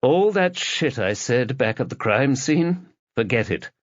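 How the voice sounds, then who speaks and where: A man voicing a male senior police officer, low-key and reassuring in a guarded way. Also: animated, unhurried, dry recording, dull audio, close to an everyday voice.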